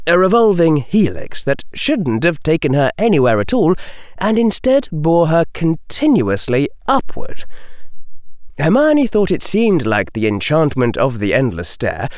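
Expressive male audiobook narrator. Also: mid-range voice, clean tone, no room sound, clean studio sound. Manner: expressive, slows for dramatic stresses. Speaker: audiobook reader. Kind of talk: storybook narration.

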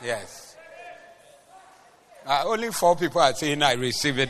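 A Ghanaian man preaches at a church service, his voice pitched a little high and strikingly bright. He moves between English and Twi, rising to loud exhortation and then dropping into quiet, confiding stories from his own life. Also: sing-song, measured pace, long pauses. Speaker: pastor. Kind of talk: preaching a sermon.

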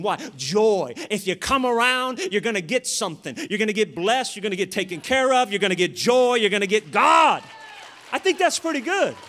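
A middle-aged man, a pastor preaching a sermon, shifting from quiet storytelling to shouted exhortation. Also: high-pitched.

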